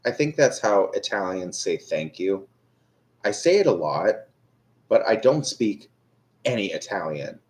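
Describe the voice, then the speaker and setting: A man's voice: lowish voice, very animated, measured pace. A young man chatting casually with viewers on a live stream, rambling and self-deprecating, full of fillers and restarts. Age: young adult. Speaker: tarot reader on a live stream.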